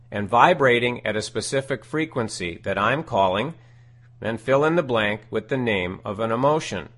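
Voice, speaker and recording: Guy reading out a self-help talk, slow and emphatic, keeps repeating his key lines. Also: medium pitch, a bit bright. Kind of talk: scripted spoken teaching.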